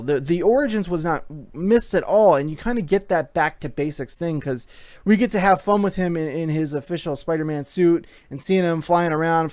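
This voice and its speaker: A man giving a casual movie review, excited and rambling, with lots of fillers. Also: fairly high pitch, dry recording.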